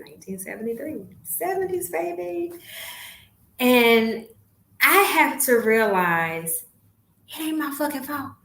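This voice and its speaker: A woman in her fifties hosting a podcast, talking in a blunt, profane monologue that swings from low asides to loud outbursts. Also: slight background noise. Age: 50s. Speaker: podcast host. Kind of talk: candid monologue. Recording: roomy echo.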